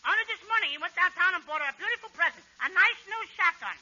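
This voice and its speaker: A man voicing a bratty, wisecracking little boy in a high childlike voice, 1940s radio comedy acting. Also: animated, sharp tone, exaggerated voice. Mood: cheeky. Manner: cheeky, drawn-out wisecracks. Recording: dull 1940s radio broadcast.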